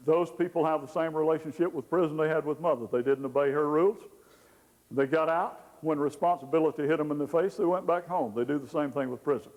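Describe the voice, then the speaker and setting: A man's voice: a little high, darkish tone. A man, giving a folksy teaching talk as a Christian counselor and acting out the people he quotes. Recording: long hall reverb.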